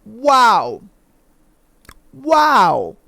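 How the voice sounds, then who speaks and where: A man's voice: extremely high pitch, wildly swooping pitch, extremely slow, creaky, bright, forceful tone, no echo. A podcast host chatting casually and reading online threads, slangy and laid-back, calling listeners bro and man.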